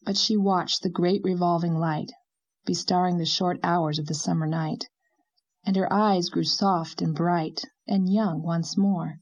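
A woman with a low voice narrates a classic novel. Her reading is measured and gently expressive. The recording sounds dull and lo-fi. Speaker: audiobook narrator.

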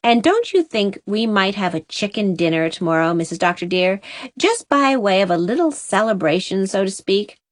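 A woman voicing a brisk, devoted older housekeeper in a storybook reading, with a bustling way of talking. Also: mid-range voice, expressive, no echo, natural voice.

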